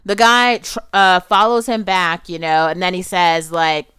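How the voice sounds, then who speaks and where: A young adult woman giving casual, animated commentary on a film, outspoken and full of "like", with frequent swearing. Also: fairly low pitch, unhurried, clear, resonant tone, no echo.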